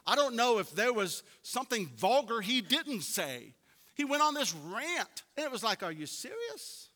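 A man's voice: very high-pitched, sing-song, normal speed, pushed and bright. A man preaching a sermon, telling folksy stories and building to emphatic points. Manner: folksy storytelling preacher, rising to emphatic peaks. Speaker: pastor. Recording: long hall reverb.

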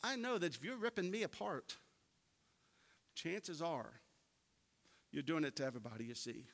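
A man preaching a sermon in a folksy, storytelling way that swells into emphatic peaks. His voice is bright and ringing, a bit higher than most men's, and it carries a long reverb from the hall. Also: lively intonation, moderate pace. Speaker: pastor.

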